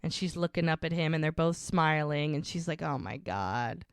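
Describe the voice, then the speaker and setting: Low-voiced woman retelling TV scenes. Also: flat delivery, fairly quick, clean tone, no room sound, studio quality. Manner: retells scenes acting out quotes. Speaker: podcast co-host. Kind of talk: casual recap chat.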